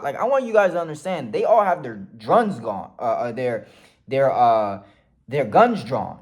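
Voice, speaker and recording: Animated man telling a wild story. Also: a little high, normal speed. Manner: animated, swears freely, acts out quotes. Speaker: vlogger. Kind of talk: casual storytelling to camera.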